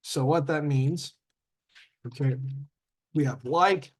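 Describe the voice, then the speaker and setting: Slow, halting male English teacher. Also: mid-range voice. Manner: halting, with many ums and self-corrections; sounds out word endings slowly. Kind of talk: classroom grammar lesson.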